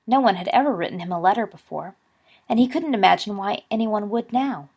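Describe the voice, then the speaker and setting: A woman reads a story aloud in a steady, measured way. Her voice has a gravelly rasp and a husky, breathy texture. It sits at an ordinary pitch. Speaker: reader. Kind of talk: storybook narration.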